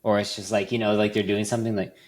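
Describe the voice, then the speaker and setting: A man's voice: lowish voice, little pitch movement, quick pace. A man hosting a podcast, telling stories in a chatty way, with many fillers and restarts. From Las Vegas. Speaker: podcast host. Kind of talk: casual chat.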